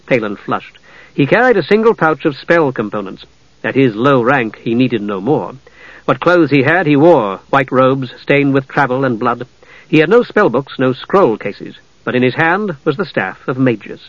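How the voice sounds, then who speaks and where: Male audiobook narrator, measured and even, mid pitch, dull dry recording. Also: no room sound. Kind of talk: scripted narration.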